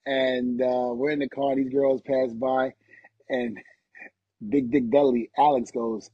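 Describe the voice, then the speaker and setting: A man's voice: medium pitch, flat delivery, slow pace, breathy edge, no room sound, lo-fi sound. A middle-aged man, a retired pro wrestler, telling casual anecdotes as a guest and laughing through them.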